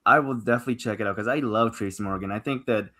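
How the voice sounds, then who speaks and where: A man's voice: fairly low pitch, rapid-fire, over a noisy crowd. A man speaking as a guest panelist in a casual chat, hesitant and self-deprecating, with nervous laughs.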